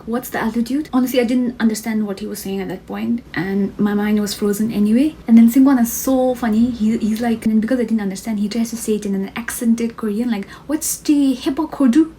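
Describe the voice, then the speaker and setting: Young woman vlogger, Himalayan origin, lively self-mocking storyteller, mellow tone. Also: a little high, slight background noise, low-quality recording. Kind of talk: casual storytelling vlog.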